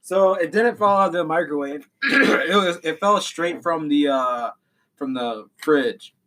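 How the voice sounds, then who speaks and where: Slightly high-voiced man in banter. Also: unhurried, sharp tone. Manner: defensive, interjecting, swears. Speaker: podcast co-host. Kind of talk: casual chat.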